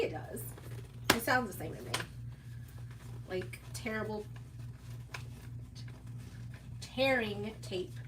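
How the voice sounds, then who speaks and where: A woman hosting a sewing live stream, chatting casually and laughing often as she answers viewers while she works. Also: on the high side. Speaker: sewing livestream host. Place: sewing workspace away from home. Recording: distant mic with audible background noise.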